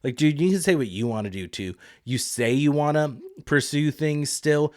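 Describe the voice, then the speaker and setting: A man's voice: on the high side, normal speed, a little mellow, no room sound, studio quality. A man hosting a podcast, giving a casual, opinionated solo recap of a reality show and swearing freely. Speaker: podcast host.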